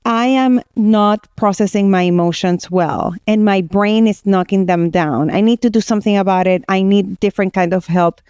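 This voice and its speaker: Podcast co-host: a woman psychiatrist from Puerto Rico, mellow and smooth, candid, talks it through as she goes. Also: mid-range voice, normal speed, hardly any pauses, dry recording, studio quality. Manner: candid, animated storytelling with many restarts. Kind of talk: casual podcast conversation.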